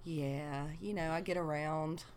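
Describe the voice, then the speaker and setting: A woman's voice: sits low, fairly even intonation, unhurried, a little mellow. A woman co-hosting a podcast in casual chat, playful and self-mocking, laughing often. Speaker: podcast co-host.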